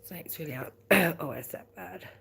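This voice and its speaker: A woman's voice: on the low side, moderate pace, vocal fry, pushed and bright, breathy edge. An Australian woman hosting a late-night live stream, chatting casually with viewers, rambling and laughing often. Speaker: livestream host.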